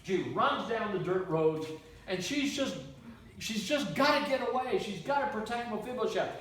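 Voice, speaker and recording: Storytelling preacher from Canada, a man with a fairly high voice, picked up from afar in a boomy room. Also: normal speed, slight background noise. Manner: animated, repetitive storytelling with restarts. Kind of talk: sermon storytelling. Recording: echoey room, mic from far off.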